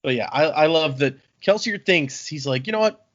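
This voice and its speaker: A man's voice: a little high, moderate pace. A man casually recaps a book chapter on a podcast and keeps slipping into playful voices for the characters. The audio is a bit dull and lo-fi, like a home recording. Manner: animated, acts out characters' lines. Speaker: podcast host.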